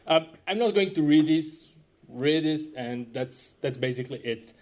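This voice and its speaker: A web developer gives a technical conference talk, conversational and self-deprecating, often putting questions to the audience. His voice is a little high and a little mellow, animated, and at normal speed.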